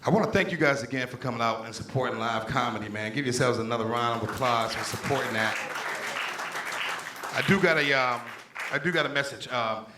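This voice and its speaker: A Pittsburgh man at medium pitch moves briskly through his stand-up set at a small club, cursing freely and trading loose banter with the crowd. The recording is echoey, with crowd noise throughout.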